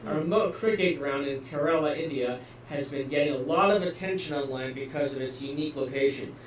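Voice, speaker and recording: A man's voice: on the high side, slight background noise. Roomy, distant man co-hosting a chat. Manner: quick to laugh, stumbles over names. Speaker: co-host. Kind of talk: casual news recap chat.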